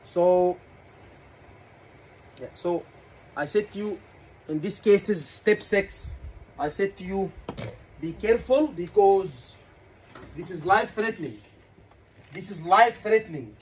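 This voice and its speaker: A man's voice: sits high, expressive, takes it slowly, long pauses, slight background noise, rough recording. A man with an Egyptian accent teaching a class as an exam tutor, asking questions and repeating key words.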